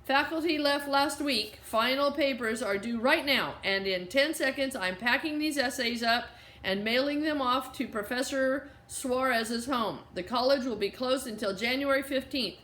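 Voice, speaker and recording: A woman voicing a stern, gray-haired female college office clerk who speaks in a cold, flat monotone. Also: high-pitched, normal speed, hardly any pauses. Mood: curt. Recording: roomy echo.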